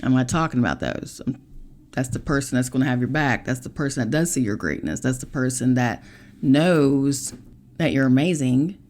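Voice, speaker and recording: A woman's voice: rumbling low, normal speed. A middle-aged woman hosting a spirituality podcast, talking bluntly and with plenty of profanity in a casual motivational monologue. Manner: blunt, profane, animated storytelling. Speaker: podcast host.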